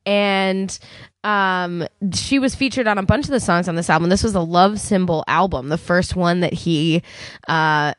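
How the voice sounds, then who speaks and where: A woman co-hosts a podcast in loose, casual chat. She talks at a slow, easy pace, laughs often and swears offhandedly. Her voice sits close and dry on the mic. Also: fairly low pitch, no room sound. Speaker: podcast co-host.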